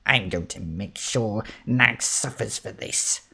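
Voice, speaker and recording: A man voicing an excitable, indignant male creature in a raised, swooping, raspy voice. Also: very high-pitched, unhurried, pitched above the performer's own voice, full character voice. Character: big-nosed male creature, short-tempered and blustery.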